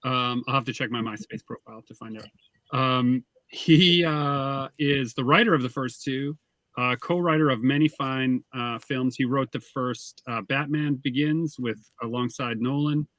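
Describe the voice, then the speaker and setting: A man reviewing a film in a casual chat, dropping wry, deadpan jokes. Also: medium pitch, a little slow, no room sound.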